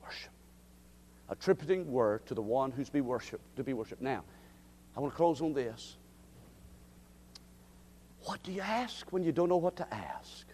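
A man preaching a sermon, dropping to a hush and rising to shouts. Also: mid-range voice, animated, normal speed, long reverb tail, slight background noise. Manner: dramatic swings from hushed to shouting.

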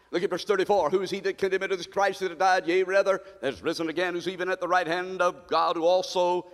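A male pastor delivers a sermon in a church sanctuary, his fairly high voice swooping up and down as he calls to the congregation and climbs into shouts. A long church reverb trails behind his words. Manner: call-and-response preaching, rising to shouts.

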